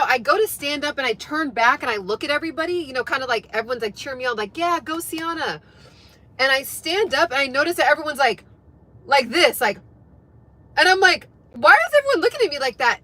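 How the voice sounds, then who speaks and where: A young woman telling a story to her viewers in a chatty, animated way, full of fillers. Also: high voice, poor audio. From United States. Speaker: fitness and life coach.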